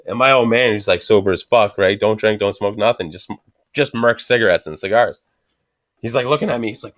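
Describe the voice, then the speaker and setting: A man's voice: mid-range voice, a little fast. A man in his thirties casually telling a story as a podcast guest, swearing constantly and acting out the other people's voices. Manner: profane, animated storyteller.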